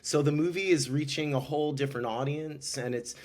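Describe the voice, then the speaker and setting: A man's voice: on the high side, brisk. A middle-aged man, a musical director, talking as a guest in a casual podcast interview, effusive and rambling with many restarts.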